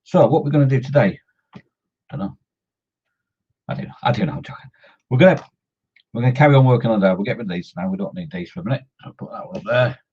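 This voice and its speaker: A man's voice: mid-range voice, rapid-fire, darkish tone, husky, dull audio. A man chatting casually on a scale-modelling live stream, greeting viewers by name and joking as he works.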